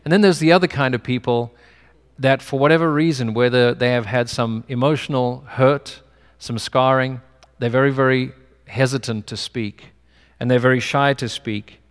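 His voice is medium-pitched, steady and clean, moving at a moderate pace as he delivers a conversational sermon. The pastor, whose English accent is not American, fills it with personal stories, and a long hall reverb is audible.

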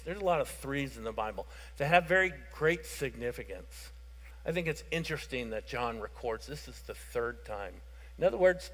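A male pastor delivers an expository sermon in a mid-pitched voice, dropping low and quiet, then building to loud, fervent emphasis. His voice carries a long reverb, as if recorded in a church sanctuary. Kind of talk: sermon reading and explaining scripture. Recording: reverberant hall.

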